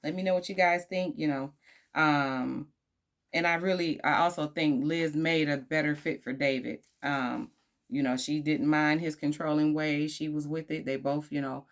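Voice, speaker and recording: A woman's voice: low-pitched, fairly even intonation, normal speed. A woman casually reviewing a dating show, sassy and slangy, breaking into laughing asides, tired from recording late at night.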